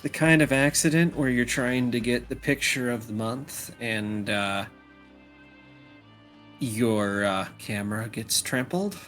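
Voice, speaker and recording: A man voicing a weary woman photographer who drinks at her desk, with a low, flat, mumbling delivery. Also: slow pace, soft background music.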